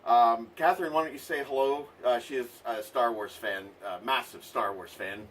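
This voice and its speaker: A man chatting casually through a toy unboxing, sarcastic and dry, with plenty of ums along the way. His voice sits at an ordinary middle pitch. A faint hiss of background noise runs under the recording. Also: moderate pace, fairly bright tone.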